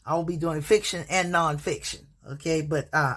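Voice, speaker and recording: Speaking at a moderate pace in a deep, steady voice, a woman who teaches talks casually about a book. She hesitates often, restarts, uses many fillers, and acknowledges her stammering.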